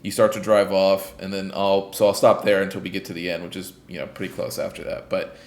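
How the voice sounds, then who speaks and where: A man with a lowish voice co-hosts a casual gaming podcast, retelling scenes with animated energy and loose swearing. His voice sits in a roomy, echoing space. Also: fairly quick. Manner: animated storytelling, acts out game characters, swears freely. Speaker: podcast co-host. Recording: roomy echo.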